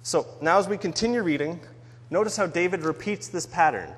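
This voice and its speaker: Guy preaching a sermon, earnest and conversational, voice kinda high. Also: a little fast, a bit bright, husky. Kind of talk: sermon on a psalm. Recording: long hall reverb.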